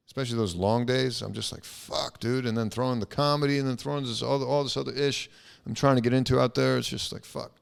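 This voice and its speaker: A man's voice: medium pitch, fairly even intonation, fast talker, creaky, smooth. A young man hosting a casual solo podcast, rambling and swearing with lots of fillers. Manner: rambling, profane, frequent fillers. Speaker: podcast host.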